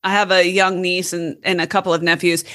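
A woman's voice: lowish voice, level tone, brisk, a bit bright. A woman hosting a podcast interview in a chatty, self-deprecating way. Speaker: podcast host. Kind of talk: casual interview chat.

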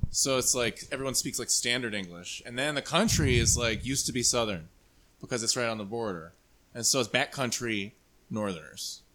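A man from Maryland, a guest on a casual podcast, who explains at length in a relaxed, rambling way. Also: medium pitch, moderate pace, a little hiss or hum.

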